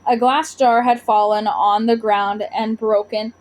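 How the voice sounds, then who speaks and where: A woman reading a children's storybook aloud with expressive narration. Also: on the high side, unhurried. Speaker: audiobook reader.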